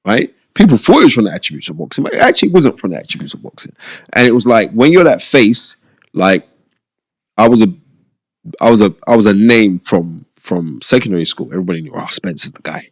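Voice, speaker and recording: A middle-aged man with a low, gravelly voice talks through his boxing days in a relaxed interview. He rambles warmly and keeps throwing in "you know what I mean?" The sound is close and dry, with no room around it. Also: a little fast, no echo. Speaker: former boxer, podcast guest. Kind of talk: casual interview storytelling.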